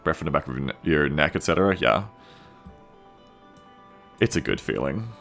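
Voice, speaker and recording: Speaking at a moderate pace in a very deep, gravelly voice, a streamer works on a game mod live while faint music plays. He's laid-back and self-deprecating, swearing casually and reading viewer comments aloud.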